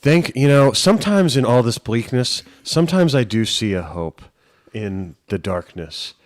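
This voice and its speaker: A man's voice: medium pitch, big pitch swings, a little slow. A man playing a tabletop game, speaking his character's lines in a gloomy, brooding way. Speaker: player.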